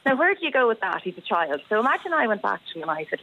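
An Irish woman in her thirties, calling a radio phone-in and telling a story with lively energy and frequent laughs. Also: on the high side, very fast, few pauses. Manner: animated storytelling, laughs often. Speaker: caller. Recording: muffled phone-in line on radio.

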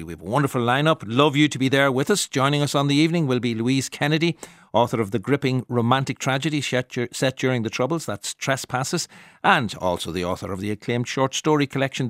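A man hosting a radio arts show, presenting in a relaxed, conversational way. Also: medium pitch, no echo, studio quality. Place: radio studio.

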